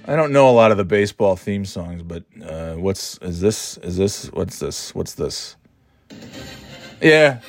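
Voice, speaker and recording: A man's voice: sits low, animated, measured pace, vocal fry, no echo, faint music behind. A man hosting a casual solo podcast from home, rambling and offhand, sighing and trailing off between thoughts. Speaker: podcast host.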